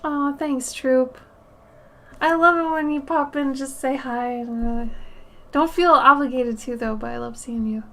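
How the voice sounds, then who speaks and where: A woman's voice: high-pitched, steady tone, unhurried, pushed and bright. A woman from Minnesota with a Minnesota accent, hosting a casual art livestream and chatting with viewers, laughing often and tripping over words.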